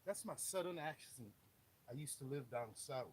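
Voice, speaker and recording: A man's voice: on the high side, lively intonation, normal speed, a little hiss or hum. A man working as a mechanic, giving a casual repair how-to with joking, off-color asides. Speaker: auto mechanic.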